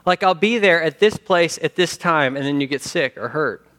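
Male preacher, somewhat high voice, lively sermon delivery with dramatized quotes. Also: moderate pace. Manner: animated, acts out quotes, sings hymn lines. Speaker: pastor.

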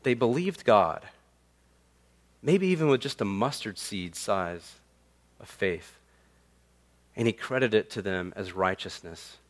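Guy preaching a sermon, chatty storyteller, gets loud n high on big points then drops way down soft. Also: a little slow, pauses often. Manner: animated, rising for emphasis and dropping to quiet low endings; conversational storytelling with fillers. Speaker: pastor.

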